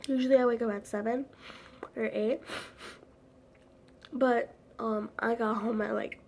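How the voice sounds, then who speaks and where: A woman's voice: on the high side, steady tone, unhurried, slight background noise. A teenage girl chatting casually to camera at home, rambling with lots of "like" fillers and giggles. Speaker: vlogger.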